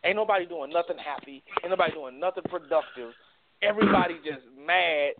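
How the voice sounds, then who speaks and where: Man co-host, emphatic and repetitive, slightly high voice, tinny recording. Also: brisk, background noise. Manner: emphatic, repeats himself to get the floor. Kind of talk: casual chat. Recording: tinny phone-like sound.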